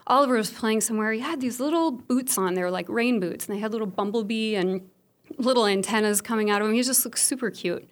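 A woman's voice: a little high, fast. Frank, funny woman telling her story. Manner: frank, humorous, self-deprecating. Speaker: speaker sharing a personal story. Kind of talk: candid personal storytelling talk.

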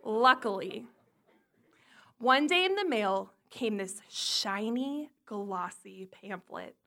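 Woman storyteller, animated and comic, fairly high, bright voice. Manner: animated, comic, swears freely. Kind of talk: personal storytelling.

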